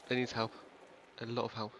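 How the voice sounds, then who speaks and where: A man's voice: medium pitch, monotone, a little fast, a bit bright, a little hiss or hum. A man hosting a gaming channel who makes sarcastic, crude jokes while playing. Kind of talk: let's play commentary.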